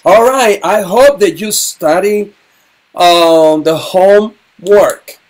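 A middle-aged man teaching a sign language lesson, halting, with frequent ums and repeated words. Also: high voice.

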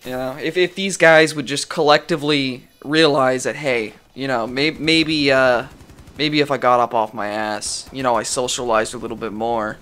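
A man's voice: mid-range voice, steady tone, moderate pace, a bit bright. A young man in a casual, profane comedic rant, swearing constantly and stammering through restarts.

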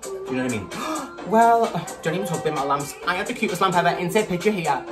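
A man's voice: high voice, lively intonation, very fast. A man, tipsy, chatting in a rambling, gossipy vlog and swearing a lot. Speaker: vlogger. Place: his bedroom at home. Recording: distant mic with loud background music. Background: music playing.

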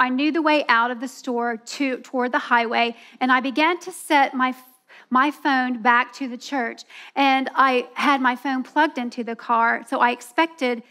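A woman's voice: sits high, fairly bright tone. A woman giving a sermon at a women's church event, earnest and telling a personal story. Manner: earnest, storytelling, acts out voices with laughs.

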